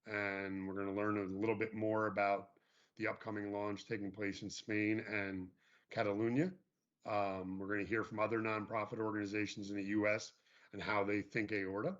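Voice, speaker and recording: A man's voice: level tone, normal speed, fairly bright tone. A man co-hosting an online show, casually announcing events with frequent fillers and restarts. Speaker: co-host. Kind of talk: casual livestream chat and announcements. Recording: muffled low-fidelity stream audio.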